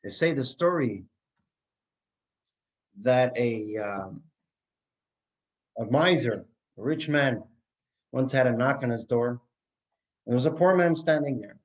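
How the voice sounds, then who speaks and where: A man, as a rabbi, giving a Torah class who tells a story with animated delivery and frequent restarts. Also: medium pitch, slow pace, pauses often, rough recording.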